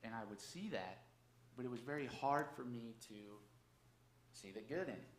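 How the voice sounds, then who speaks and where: A man's voice: medium pitch, lively intonation, moderate pace, slight background noise. Guy preaching a sunday message like he's just talking to you, keeps saying okay? right?, echoey sanctuary. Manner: conversational, tags lines with "okay?" and "right?". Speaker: church speaker. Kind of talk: sermon, personal testimony. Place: church sanctuary. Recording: echoey church room, faint background ambience.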